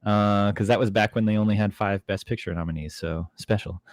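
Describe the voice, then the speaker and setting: Young male podcast co-host, very low voice, casual and chatty, dry booth sound. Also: brisk, no room sound. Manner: relaxed, chatty, frequent ums. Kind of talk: casual chat.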